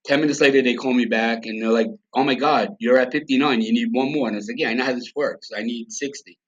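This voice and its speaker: A man's voice: mid-range voice, fast, muffled recording. A middle-aged man, telling stories bluntly and with swearing as a podcast guest. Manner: blunt, profane, animated storyteller. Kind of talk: casual storytelling.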